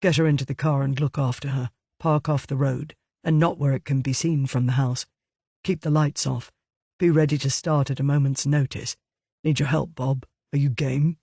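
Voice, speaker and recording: A man voicing a young man who gives quick, clipped orders in an audiobook. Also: mid-range voice, fairly even intonation, vocal fry, warm tone, no echo, clean studio sound. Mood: urgent.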